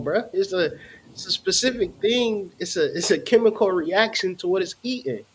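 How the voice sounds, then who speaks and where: Slow-talking animated spiritual host, a man. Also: high-pitched, husky. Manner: animated, slangy, swears freely. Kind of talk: casual ranting monologue.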